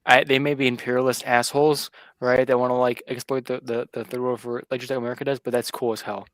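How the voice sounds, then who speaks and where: A man co-hosting a casual political chat, speaking haltingly and bluntly with crude language. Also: medium pitch, flat delivery, no echo.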